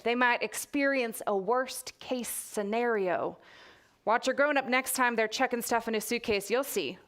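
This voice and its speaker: A confiding Texan kid narrator of a spooky storybook, read out by a woman. The voice sits a little high and leans in with folksy, conspiratorial asides. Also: fairly bright tone, close to an everyday voice. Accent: Texas. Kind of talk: reading a children's book aloud.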